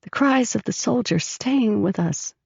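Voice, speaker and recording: Female audiobook narrator, gravelly, measured delivery, dry muffled sound. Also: on the high side, lively intonation, a little mellow, dry recording. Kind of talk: first-person audiobook narration. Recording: dry, slightly dull recording.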